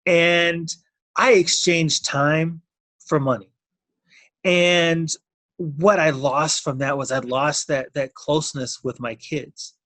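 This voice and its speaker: A man's voice: on the high side, steady tone, slow, fairly bright tone, no room sound. Earnest middle-aged man, dry close sound. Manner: earnest, heartfelt, repeats words. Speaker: interview guest, notary signing agent. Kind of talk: emotional personal testimony.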